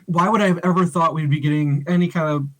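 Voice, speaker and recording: A man co-hosting a podcast, telling a story in casual chat, animated and loud, laughing often and acting out the voices of others. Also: on the high side, fast talker. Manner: loud and excitable. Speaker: podcast co-host.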